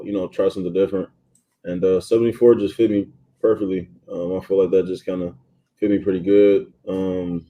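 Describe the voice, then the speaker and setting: A young man in his twenties, a college football player, giving relaxed interview answers full of ums and you-knows. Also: low-pitched, muffled recording. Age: 20s. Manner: laid-back, many ums and you-knows. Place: athletes' training facility.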